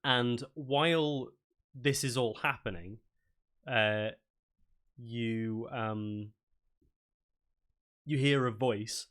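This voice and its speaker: A man at mid pitch guiding a tabletop session as dungeon master. He narrates casually, with frequent pauses and fillers. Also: fairly bright tone. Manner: loose, filler-heavy narration.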